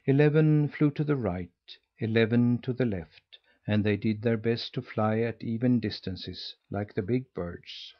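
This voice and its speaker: A man narrating a classic children's novel in a measured, steady reading. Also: mid-range voice, highs cut off. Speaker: audiobook narrator. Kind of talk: scripted storybook narration.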